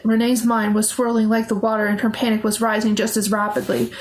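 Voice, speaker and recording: A woman narrating a children's horror novel aloud in a steady, expressive storytelling manner. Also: a little high, fairly quick, few pauses, a little hiss or hum, rough recording. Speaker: audiobook narrator.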